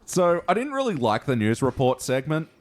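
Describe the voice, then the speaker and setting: A man's voice: fairly high pitch, wildly swooping pitch, moderate pace. A young man co-hosting a podcast, chatting casually and laughing often as he reviews episodes. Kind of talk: casual chat.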